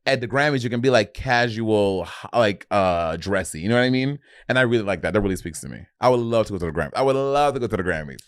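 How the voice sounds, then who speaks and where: A man co-hosting a podcast, chatting casually, expressive and quick to laugh. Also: fairly low pitch, no echo, studio quality. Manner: expressive, laughs often, mock-outraged. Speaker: podcast co-host. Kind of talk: casual chat.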